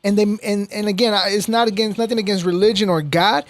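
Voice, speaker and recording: A man's voice: sits high, fast talker, no room sound. A man hosting a casual podcast, telling stories in a rambling way with frequent restarts. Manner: rambling, restarts often, animated storytelling. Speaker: podcast host.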